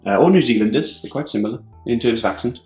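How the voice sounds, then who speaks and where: A man hosting a tabletop wargame report, talking in a loose, joking way and laughing often. His voice sits at a middling pitch. The studio sounds roomy, with faint music underneath. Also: lively intonation, fast, a little mellow. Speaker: host of a tabletop battle report. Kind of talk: casual game commentary.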